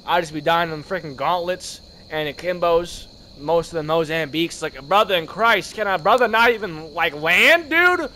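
A man with a worn, hoarse voice giving excitable, slangy gameplay commentary, yelling at scares and muttering between them. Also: sits high, moderate pace, few pauses, slight background noise. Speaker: gaming video creator.

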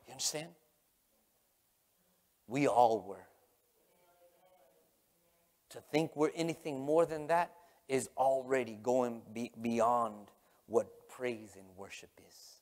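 A man preaching as pastor, impassioned and emotional, with a Texan accent, his voice dropping to a hush and then rising. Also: medium pitch, slow, long pauses. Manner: impassioned, swinging from hushed to loud. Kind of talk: emotional sermon. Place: large church sanctuary. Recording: long hall reverb.

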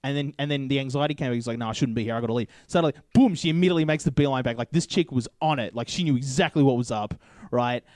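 A man's voice: medium pitch, quick pace, a little mellow, no echo. Chatty Australian man telling stories. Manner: chatty storyteller, keeps checking in with "right?". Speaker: podcast co-host. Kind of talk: casual chat over beers.

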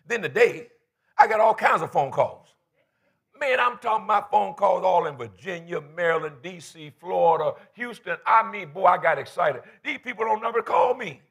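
Man in his fifties, pastor, raspy gravelly voice, high-pitched, fervent call-and-response sermon, church. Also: animated, moderate pace, a bit bright. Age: 50s. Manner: colloquial, folksy phrasing.

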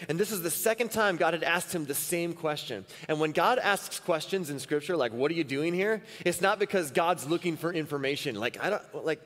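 A male pastor delivers a sermon at a church service, speaking earnestly and driving points home by repeating phrases. His voice sits a little on the high side for a man. A long reverb trails after each line, as from a large church hall. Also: lively intonation, brisk, hardly any pauses, a bit bright.

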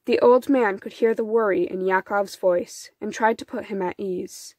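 A woman reading a folktale storybook aloud in an unhurried, soft storytelling manner. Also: mid-range voice, dry recording. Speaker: storybook reader. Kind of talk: children's storybook narration.

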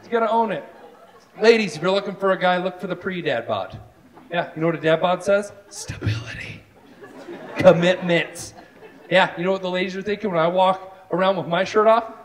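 On a live stage, a man with a high-pitched voice does self-deprecating stand-up, talking fairly quickly to the audience. He's animated and full of asides, and the loud crowd can be heard laughing throughout the show.

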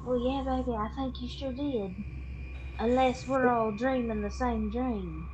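A man's voice: a little slow, muffled recording, a little hiss or hum. Man doing a cooing motherly southern lady. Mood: reassuring. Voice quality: soft, cooing falsetto. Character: sweet southern woman, motherly and doting.

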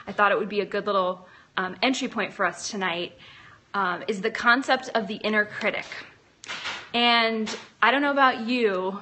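Bright chatty woman livestreaming. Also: on the high side. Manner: chatty, encouraging, frequent ums and restarts. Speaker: livestream host. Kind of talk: live-stream chat, reading viewer comments. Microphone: phone camera.

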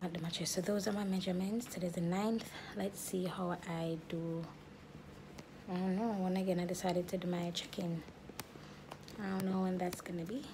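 A woman's voice: on the low side, steady tone, normal speed, noisy background. A woman chatting casually and candidly to camera, joking and slipping into creole. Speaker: vlogger. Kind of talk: casual vlog chat.

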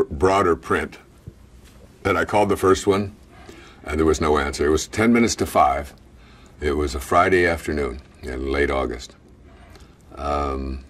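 A man casually recounting a personal story, halting and restarting with many fillers and little chuckles. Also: rumbling low, fairly bright tone, breathy edge, distant mic.

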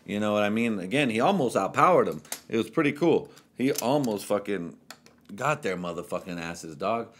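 A man's voice: lowish voice, lively intonation, moderate pace, a little hiss or hum. A young man hosting a podcast, tipsy and telling stories in a rambling, profane, casual way. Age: young adult. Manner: rambling, profane, loose storytelling. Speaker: podcast host. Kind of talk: casual chat.

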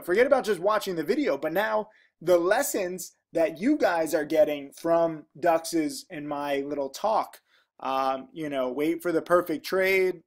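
Man, higher-pitched voice, casual rambling chat, reads comments aloud, frequent ums. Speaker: trading educator, channel host.

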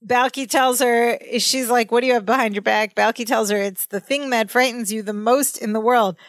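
A woman co-hosting a podcast in a casual, chatty way, her voice sitting a little high and recorded close and dry with no room sound. She retells scenes by quoting the characters and laughs easily. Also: fairly even intonation, moderate pace, no room sound. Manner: retells scenes with quoted lines, laughing often. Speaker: podcast co-host. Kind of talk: casual recap chat.

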